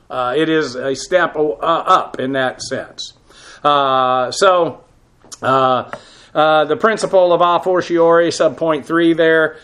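A man's voice: fairly high pitch, a bit bright. A middle-aged man giving a teaching sermon on scripture, explaining Greek grammar with frequent filler "uh"s. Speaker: Bible teacher.

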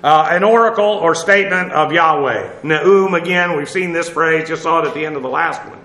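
A man's voice: fairly high pitch, moderate pace, bright, forceful tone. Methodical man spelling Hebrew words, echoey room. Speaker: Bible teacher. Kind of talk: verse-by-verse Hebrew word study.

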